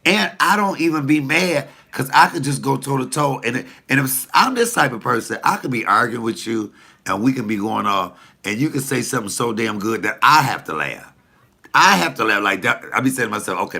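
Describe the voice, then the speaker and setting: A man's voice: medium pitch, creaky, sharp tone, husky. A comedian talking casually to the camera, blunt, profane and preachy as he tells stories and gives advice.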